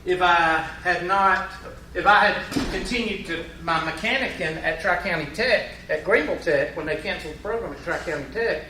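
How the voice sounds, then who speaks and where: At normal speed, a man with a high, sharp voice and Southern accent works math problems in class, joking in a folksy way. There's a little hiss or hum, and he's recorded from afar in an echoey room.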